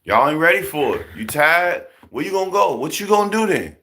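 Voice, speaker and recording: A man's voice: fairly high pitch, fairly quick, slight background noise. A man, giving casual, preachy commentary, repeating himself and firing rhetorical questions. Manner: animated, repetitive, rhetorical questions. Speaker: commentary vlogger.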